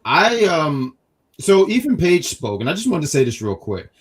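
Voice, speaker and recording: A man co-hosting a casual wrestling review stream, talking in quick restarts and reading chat comments aloud. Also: on the high side, very animated, slightly rough. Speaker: wrestling review show co-host.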